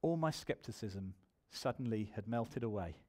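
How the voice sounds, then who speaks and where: A man's voice: fairly low pitch, lively intonation, normal speed, darkish tone. A man preaching a sermon in church, telling his own testimony and building to emphatic appeals.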